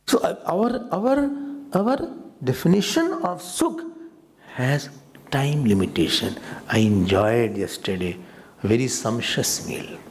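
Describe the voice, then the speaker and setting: Male swami lecturer, gravelly, slow, talks straight to his class. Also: mid-range voice, big pitch swings, a little mellow. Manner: repeats words, mixes in Hindi asides; explanatory, addresses listeners directly. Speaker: swami teaching scripture.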